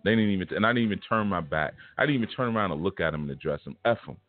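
This spiritual teacher's voice sits low, and he races through an expressive, casual lesson, recounting a personal story in blunt, streetwise language. Faint music plays under tinny, phone-like audio.

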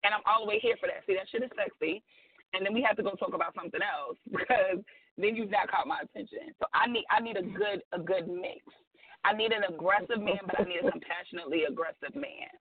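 Blunt gravelly woman on a phone line. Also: mid-range voice, quick pace, crowd noise. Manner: outspoken, blunt and emphatic with slang. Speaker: guest author. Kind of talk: casual radio chat.

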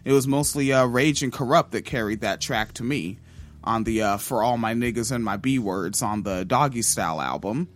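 Male podcast host, mid-pitched, loose and profane, lots of fillers, casual commentary. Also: moderate pace, a little hiss or hum. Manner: loose and profane, with many ums and uhs. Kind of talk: casual music-history commentary.

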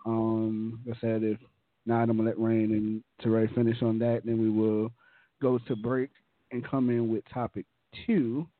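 A man's voice: on the low side, little pitch movement, normal speed. A man hosting a call-in talk show, speaking casually to his listeners. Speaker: host. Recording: phone-line call.

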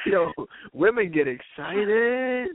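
Talk host, lively pitch swings, phone-line audio, animated storyteller. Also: male voice, normal speed, no echo. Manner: animated, laughs often, acts out quoted voices. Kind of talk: casual storytelling on a live call-in show. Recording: tinny phone-line sound, dry.

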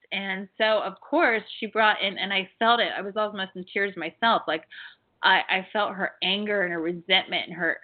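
Woman host, chatty, animated storyteller, narrow phone-like sound. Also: medium pitch. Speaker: host and past-life healer. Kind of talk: call-in show chat.

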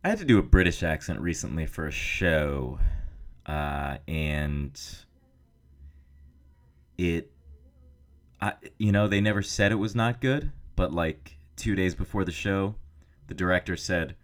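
Very deep-voiced American podcast host. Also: male voice, animated, unhurried, pauses often. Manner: self-mocking, swears, loose and chatty. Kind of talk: rambling casual monologue. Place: indoor office studio.

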